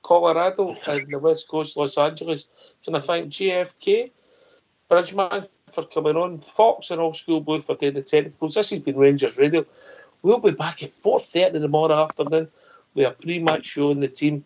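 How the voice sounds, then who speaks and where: A man's voice: a little high, steady tone, normal speed, a little mellow. A man hosting a radio phone-in, chatty and friendly, thanking callers. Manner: friendly, matey sign-offs. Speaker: radio show host. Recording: dull lo-fi audio.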